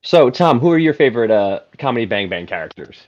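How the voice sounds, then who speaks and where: Male co-host, average pitch, muffled earbud line, loose chatty delivery. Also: sing-song, fast, a little mellow. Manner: loose, filler-heavy talk. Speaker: podcast co-host. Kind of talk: casual chat. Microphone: phone earbuds. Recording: dull phone-earbud audio.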